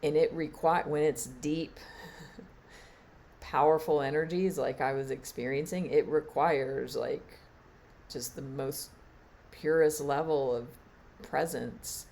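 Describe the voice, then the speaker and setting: A woman teacher giving a reflective spiritual talk on a live stream, halting and trailing off with fillers. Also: low-pitched, fairly even intonation, creaky, a little mellow, slight background noise. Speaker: meditation and Reiki teacher.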